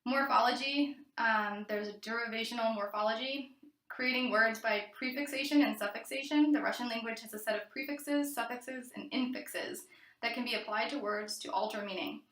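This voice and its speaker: Student presenter, woman, crisp bright tone, reads her notes with small stumbles, echoey room. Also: a little high, normal speed. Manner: reads from notes, occasional fillers and restarts. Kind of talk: read-aloud class presentation.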